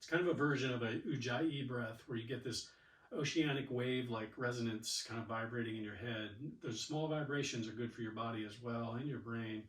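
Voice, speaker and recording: A man's voice: medium pitch, steady tone, fairly quick. A man leading a yoga and exercise class, chatty and encouraging as he talks through each cue. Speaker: yoga and fitness instructor. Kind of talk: guided exercise instruction. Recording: echoey room, mic at a distance.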